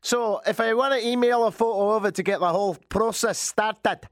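A man's voice: sits high, fairly quick, no room sound, studio quality, voice pushed up, close to an everyday voice. A radio host putting on a chirpy Scottish man's voice in a playful ad read, in a jaunty, folksy manner. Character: Scottish man chatting up a canvas print shop.

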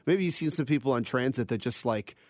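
A man's voice: medium pitch, brisk, no echo. A man co-hosting a casual radio chat in a studio, hesitant and self-deprecating, often laughing. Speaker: radio co-host. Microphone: studio microphone.

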